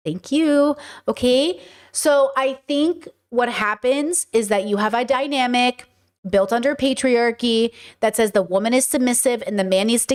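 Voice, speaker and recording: A woman hosting an opinionated commentary stream, talking bluntly and hammering her points home by repeating them. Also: on the high side. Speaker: streamer and host.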